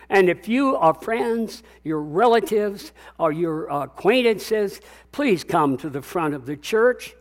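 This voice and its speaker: An older man preaching a sermon as pastor, emphatic and repetitive, calling out to his congregation. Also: a little high.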